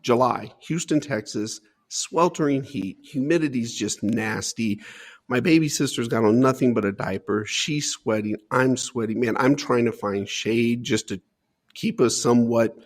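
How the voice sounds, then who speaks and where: Gravelly-voiced man telling his story. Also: mid-range voice. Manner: earnest, emphatic, often says "man". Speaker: interview guest. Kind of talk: personal storytelling in an interview.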